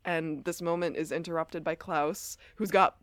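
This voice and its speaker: Low-voiced woman recapping a show. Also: moderate pace, dry recording. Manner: lively storytelling with quoted lines. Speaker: podcast co-host. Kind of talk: casual TV recap chat.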